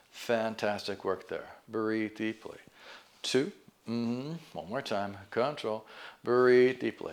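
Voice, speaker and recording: A man leading a stretch band exercise class, calmly counting down reps and cueing deep breaths. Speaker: fitness instructor. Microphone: camera mic.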